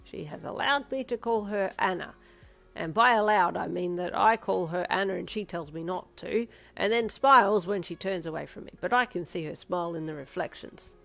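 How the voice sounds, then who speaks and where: A woman's voice: on the low side, moderate pace, gravelly, fairly bright tone, soft background music. A woman reading a fan story aloud, voicing a cheerful, teasing old grandfather. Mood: playful. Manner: playful, teasing.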